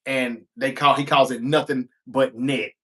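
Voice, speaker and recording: A man's voice: mid-range voice, steady tone, unhurried, fairly bright tone. Chatty man recapping wrestling. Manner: chatty, retelling scenes with offhand asides. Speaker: wrestling show reviewer. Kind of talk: casual recap commentary.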